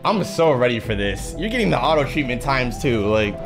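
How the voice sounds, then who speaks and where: A man hosting a reaction video from a home setup, talking into a headset. He is breathless and hyped, his pitch leaping up and down with every burst of excitement, while faint music plays underneath. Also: fairly quick.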